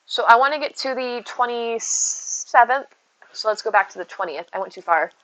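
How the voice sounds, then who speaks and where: A woman chats casually on a gaming live stream, thinking aloud and answering chat mid-play. Her voice is on the high side, animated and a bit bright, at a moderate pace. The sound is slightly muffled with faint game music and no room sound.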